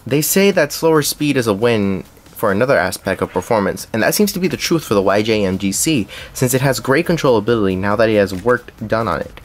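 A man's voice: on the low side, animated, fairly quick, few pauses. A young man narrating a scripted puzzle cube review, reading along with small slips and restarts.

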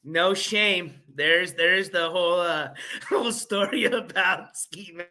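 Guy on a livestream laughing his head off, slow rambly talk, bright kinda high voice, gets scornful. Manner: laughs a lot, rambling with many fillers and restarts; scornful and mocking. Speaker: livestream host. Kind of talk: casual livestream commentary.

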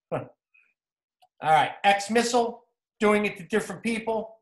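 A man with a New Jersey accent, a football coach giving a clinic talk over game film in an energetic, repetitive coaching way. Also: high voice, unhurried. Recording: roomy echo.

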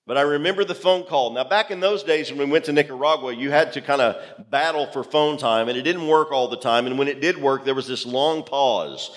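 A man, a pastor telling a personal story in a sermon with animated, self-deprecating humor. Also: mid-range voice, a little fast, few pauses, big-room sound. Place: church auditorium.

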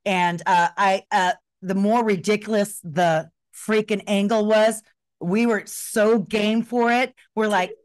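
A middle-aged woman speaks with heartfelt, emotional warmth, her voice sitting in a middle range. The sound is dry and close to the mic. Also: medium pitch, steady tone, takes it slowly, dry recording. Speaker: co-host, former wrestler. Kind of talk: casual chat.

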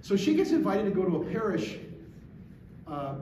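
A middle-aged man speaking to a gathering, an animated storyteller who drives his points home with emphatic rhetorical questions. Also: sits high, moderate pace. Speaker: guest speaker. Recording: echoey room, distant mic, faint hiss.

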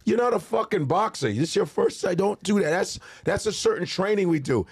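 A man doing a gruff bossy boxing trainer. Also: high-pitched, animated, a little fast, voice pushed up, heavily acted. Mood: scolding. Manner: blunt, profane, bossy. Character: gruff male boxing trainer barking orders.

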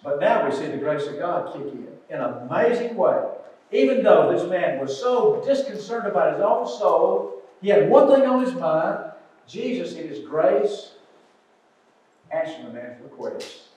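An older man preaching an earnest sermon, moving between loud pleas and quiet asides. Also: on the high side. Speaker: pastor. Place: church sanctuary. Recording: echoey church sanctuary, distant mic.

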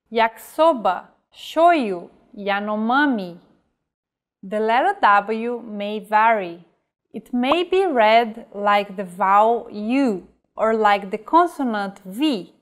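A woman's voice: mid-range voice, lively intonation. A woman teaching pronunciation in a scripted lesson, speaking carefully and saying each example word on its own. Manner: careful, measured teaching delivery with modeled example words. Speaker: language teacher.

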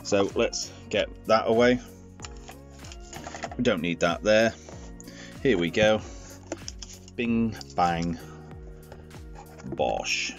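Male toy reviewer, lowish voice, casual and rambling. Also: takes it slowly, long pauses, muffled recording, soft background music. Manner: chatty and rambling, jokey asides.

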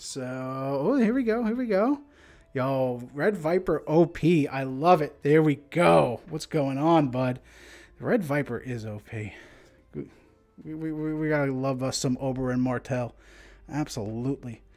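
A man's voice: mid-range voice, a little slow, a little mellow. A man hosting a livestream in casual chat, laid-back and rambling, often laughing. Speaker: stream host.

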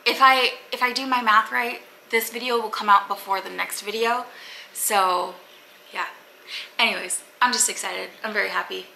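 A woman's voice: medium pitch, steady tone, moderate pace, creaky, bright, forceful tone, slight background noise, poor audio. A young woman, a booktuber rambling casually to camera with lots of filler words. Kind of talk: casual unboxing chat to camera.

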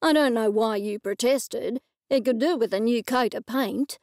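A woman's voice: on the high side, normal speed, darkish tone, no room sound, clean studio sound, lightly acted. A woman reading a disapproving grown son. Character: grown son, critical and judgmental.

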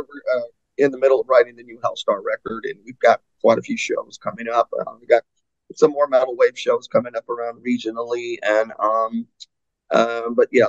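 A man and metal singer chatting in an interview, telling stories with lively acted-out quotes and frequent laughs. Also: mid-range voice, dry recording, muffled recording. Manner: animated storyteller, acts out fans' voices, laughs often. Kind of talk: casual interview chat.

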